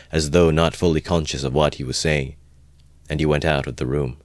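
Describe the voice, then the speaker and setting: A man narrating a classic novel as an amateur audiobook reading, calm and measured. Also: extremely low pitch, dry recording.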